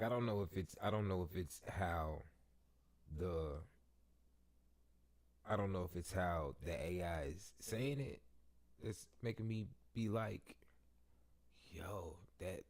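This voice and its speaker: A man hosts a casual live stream, reacting to a video in a slangy, easygoing way. His voice sits low, and he speaks slowly and loosely. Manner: laid-back, slangy, laughs and talks along with clips.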